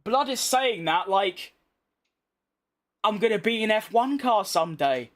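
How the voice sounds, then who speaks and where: Chatty young British man with a high voice. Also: lively intonation, measured pace, a bit bright. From Britain. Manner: chatty, blunt, reads chat and banters back. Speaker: gaming streamer. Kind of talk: casual commentary over gameplay.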